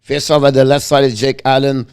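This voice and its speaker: Smooth-voiced hockey caller. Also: male voice, mid-range voice, level tone, a little mellow, soft background music. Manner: rapid clipped play calls in broken English, with frequent fillers and self-corrections. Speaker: play-by-play host. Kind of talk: live hockey play-by-play commentary.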